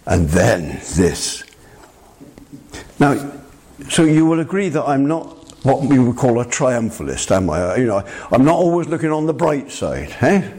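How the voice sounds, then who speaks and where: An older man preaching a sermon in an emphatic, animated way, often addressing the listeners as his friend. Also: medium pitch, unhurried, husky.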